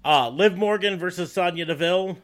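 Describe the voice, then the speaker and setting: A man's voice: high voice, brisk, fairly bright tone. A man co-hosting a podcast, arguing opinions in casual chat about wrestling storylines. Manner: opinionated, argumentative. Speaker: podcast co-host.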